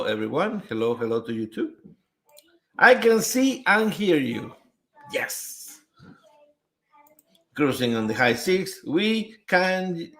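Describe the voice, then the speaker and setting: A man hosting a live stream in a casual chat style, greeting viewers one by one and reading out their comments. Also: mid-range voice. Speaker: livestream host.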